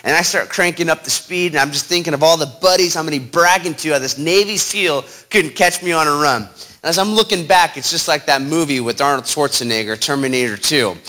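A man telling a personal story to an audience in an animated, dramatic way, acting out the other people's lines. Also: on the high side. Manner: animated, dramatic retelling with quoted voices. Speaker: speaker.

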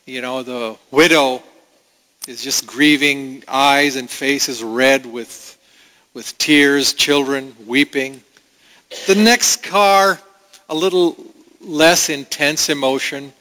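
A man's voice: mid-range voice, fairly even intonation, takes it slowly, bright, forceful tone. A man preaching a sermon in an earnest, conversational way, with asides to the congregation. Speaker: pastor. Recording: long reverb of a large hall.

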